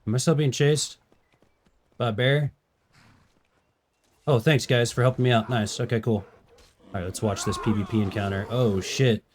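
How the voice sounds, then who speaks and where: Streamer type: young guy, goofy and jokey, mid-pitched voice, chatty off-the-cuff commentary. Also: fairly even intonation, normal speed, pauses often, a little hiss or hum. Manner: goofy, jokey, does animal noises. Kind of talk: casual gameplay commentary.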